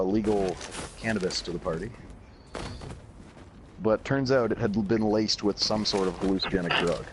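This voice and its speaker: A young man with a Canadian accent casually telling a rambling party story, swearing constantly. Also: lowish voice. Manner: profane, rambling, laid-back. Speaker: YouTuber. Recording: loud background noise.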